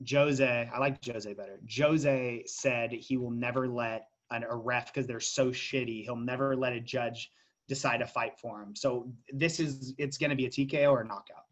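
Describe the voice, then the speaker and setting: In a casual podcast conversation about betting on fights, a male co-host speaks loosely, restarting frequently and drifting into tangents. He has a medium-pitched, fairly bright voice, but the audio is dull.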